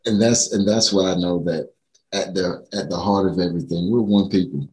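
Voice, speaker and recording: A man's voice: sits low, normal speed, mellow. A man chatting casually, explaining his views thoughtfully with down-to-earth examples. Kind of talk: casual chat. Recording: roomy echo.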